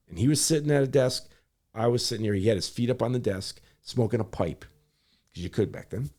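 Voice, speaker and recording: A man's voice: mid-range voice, warm tone. A middle-aged man from Michigan, a public servant, telling a story in conversation, acting out other people's lines and often correcting himself mid-sentence. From Michigan, USA. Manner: acts out quoted voices, rapid self-corrections.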